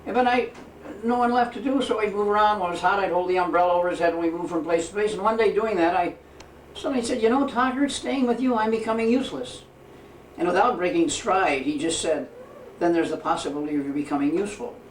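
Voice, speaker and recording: A man tells a long personal story at an unhurried pace, acting out the old conversations and pausing with filler sounds. His voice sits a little high for a man. The recording is roomy and echoey, with him a bit off the mic over a faint ambient hiss. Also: recorded from a distance. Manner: measured storytelling, quoting dialogue, frequent pauses with "uh". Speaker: interviewee recounting life with his guru. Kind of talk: reflective spoken memoir.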